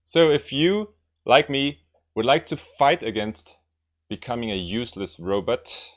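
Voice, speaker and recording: A man's voice: mid-range voice, animated, unhurried. A man teaching language lessons, explaining grammar and repeating example sentences, often checking in with "right?".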